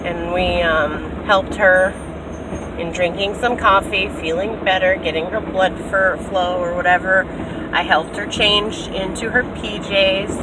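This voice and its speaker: Young woman, casual storyteller, mid pitch, recorded in a car with clear road noise. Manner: animated storyteller, acts out quotes with big pitch jumps.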